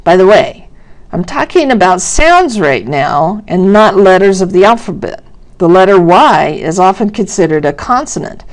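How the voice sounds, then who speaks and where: A woman teaching pronunciation at an unhurried, measured pace. Her voice sits at a mid pitch, and she stretches out example words to show how they sound. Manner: slow, deliberate, exaggerating sounds for demonstration. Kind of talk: instructional narration.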